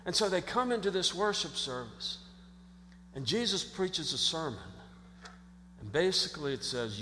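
A man preaching a sermon as pastor, in an animated conversational way, acting out quotes and often restarting his sentences. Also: fairly high pitch, normal speed, long pauses, slight background noise. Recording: long hall reverb.

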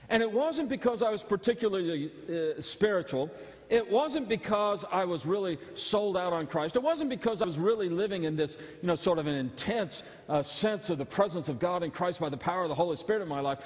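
A man's voice: high-pitched, expressive, normal speed. A man preaching a sermon as pastor, emphatic and repetitive, his voice building in fervor. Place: church sanctuary. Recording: long hall reverb.

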